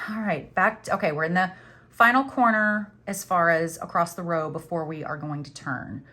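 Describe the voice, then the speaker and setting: Hosting a crochet tutorial, this middle-aged woman speaks at a moderate pace in a lowish voice that sounds pushed and bright. She's chatty, pokes fun at herself while working, and uses "y'all."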